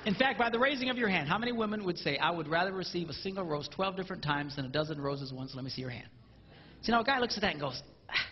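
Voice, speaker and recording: Man, stand-up comic, high lively voice, acts out other voices, echoey hall, dull lo-fi sound. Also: quick pace, some chatter behind. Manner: animated, acts out spouses in mimicked voices. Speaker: stand-up comedian. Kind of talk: stand-up comedy routine.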